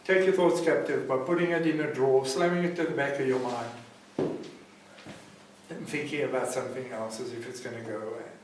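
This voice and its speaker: In a very echoey room with the mic far away and a noisy background, a South African man leads a recovery centre class. He preaches emphatically and often asks "see what I'm saying?" to check understanding. His mid-range voice is steady in tone and fairly quick.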